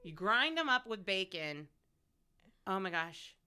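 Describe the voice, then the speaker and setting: A woman's voice: mid-range voice, a little slow, clear, resonant tone. A woman in her forties, a radio host as a guest, chatting casually and telling frank, profane stories with frequent laughs. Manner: lively storyteller, frank and profane, laughs often. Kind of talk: casual chat.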